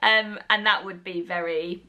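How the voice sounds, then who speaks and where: An English woman with a softened London accent giving friendly, chatty travel advice in a vlog. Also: fairly low pitch, fairly even intonation, moderate pace. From England. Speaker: travel vlogger.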